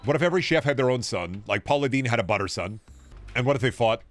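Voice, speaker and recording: A man at an ordinary mid pitch chats his way through a video game stream. He rambles, jokes and swears casually as he plays, and faint music runs behind him. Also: animated, fast. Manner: joking, rambling, profane, drops into silly voices. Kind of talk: casual gaming stream chat.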